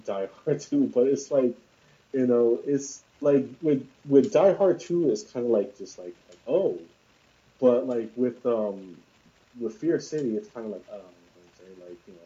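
A man's voice: mid-range voice, expressive, a little slow, dark tone. A man chatting casually about films on a podcast, rambling with lots of fillers and restarts. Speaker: podcast co-host discussing films. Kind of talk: casual chat. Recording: dull lo-fi sound.

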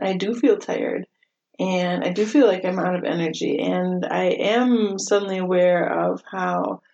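Woman, middle-aged, podcast host, casual monologue, self-deprecating, laughing, medium pitch, slightly muffled recording. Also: gravelly, darkish tone. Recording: slightly dull lo-fi audio.

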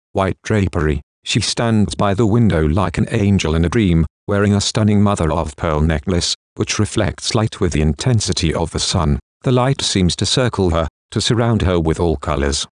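A male audiobook narrator reading a first-person novel in a steady, even manner. His voice is low and deep. The recording is dry and close to the mic. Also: no room sound.

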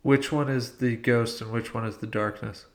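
A man co-hosting a podcast in casual chat, cracking deadpan jokes. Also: mid-range voice, normal speed. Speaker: podcast co-host.

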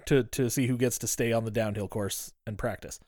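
A man co-hosting a podcast, retelling a film's plot in casual, animated chat and swearing freely. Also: on the low side, brisk, dry recording, clean studio sound. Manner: animated retelling with quoted voices, frequent swearing. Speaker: podcast co-host. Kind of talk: casual movie recap chat.

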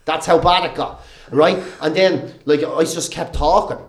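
A man's voice: a little high, unhurried, reverberant. An Irish man, a comedian and radio presenter, telling swearing-laced anecdotes in casual chat. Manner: swearing, animated anecdotes, laughing. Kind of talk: casual podcast chat, storytelling.

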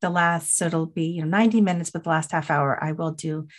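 A woman in her fifties co-hosting a podcast, chatting casually in an excitable, gushing way. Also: deep voice, fast talker. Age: 50s. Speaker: podcast co-host and medium. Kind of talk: casual chat.

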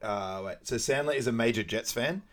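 A man, co-hosting a podcast, chatting easily about a film, trailing off quietly and laughing at his own stumbles. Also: mid-range voice, moderate pace. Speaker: podcast co-host. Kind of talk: casual chat recapping a film.

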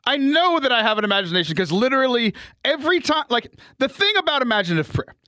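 Extremely high and very animated, this man's sharp voice moves quickly, with a little hiss or hum on the line. He co-hosts a casual podcast over a remote call mic while sick with bronchitis, frequently laughing and being self-deprecating.

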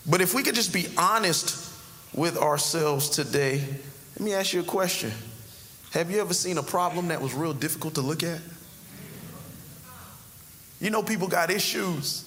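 A man's voice: high voice, moderate pace, pauses often, bright, forceful tone. A male pastor preaching a conversational sermon in a church, with sudden emphatic rises. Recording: long hall reverb, faint background noise.

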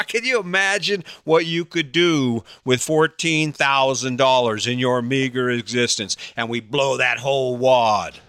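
Bright-voiced, teasing older man. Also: mid-range voice, a little slow, few pauses, clean tone, no echo, studio quality. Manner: teasing, sarcastic, chuckling. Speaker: vlogger. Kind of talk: casual monologue to camera.

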